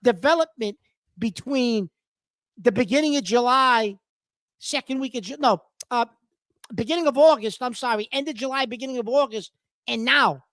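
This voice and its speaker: A man's voice: very high-pitched, normal speed, a bit bright, dry recording. A man co-hosting a casual sports talk show, insistent, talking over his partner and correcting himself mid-sentence. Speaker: co-host.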